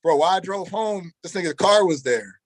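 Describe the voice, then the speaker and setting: A young man spins a long story as an interview guest, animated and full of street slang, and he acts out every quoted line. His voice sits a little high for a man. The sound is dry and close. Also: fairly quick, no echo, low-quality recording. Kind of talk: casual storytelling.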